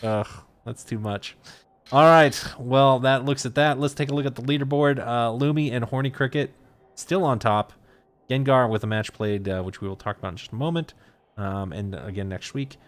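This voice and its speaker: A man's voice: mid-range voice, moderate pace. A man hosting a casual esports talk show, laid-back, with many uh and um fillers as he talks. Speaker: host.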